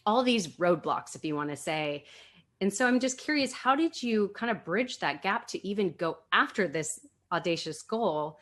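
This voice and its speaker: A woman's voice: mid-range voice, animated, moderate pace, fairly bright tone. A woman hosting a podcast who answers her guest with eager approval and asks reflective questions. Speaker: podcast host. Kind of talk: casual interview chat.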